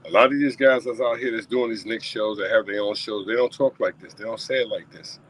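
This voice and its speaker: A man hosting his own unscripted sports talk stream, passionate and repetitive, his voice climbing toward near-shouting in rants. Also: on the low side, fairly even intonation, a little fast, poor audio. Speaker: talk show host.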